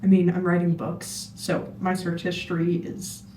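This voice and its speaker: A woman's voice: on the low side, completely flat delivery, moderate pace, dark tone. Musing woman reacting in a roomy space. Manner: musing, rambling, trailing off with fillers. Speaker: reaction video host. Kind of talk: casual reaction commentary. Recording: roomy, distant mic with faint hum.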